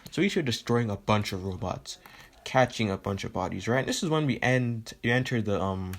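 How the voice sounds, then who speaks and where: A man's voice: on the low side, expressive, normal speed. A man telling a fan story in a casual, rambling way with lots of fillers and swearing.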